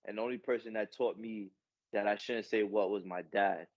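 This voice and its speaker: Casting note: low-voiced male guest, relaxed and candid, muffled lo-fi audio. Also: moderate pace. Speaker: podcast guest, coach. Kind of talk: casual chat. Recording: dull lo-fi podcast audio.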